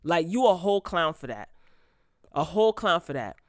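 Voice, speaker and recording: A woman's voice: on the low side, sing-song, moderate pace, no room sound, studio quality. A woman hosting her own commentary channel, talking casually and bluntly, her indignation rising into exasperation as she goes. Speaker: channel host.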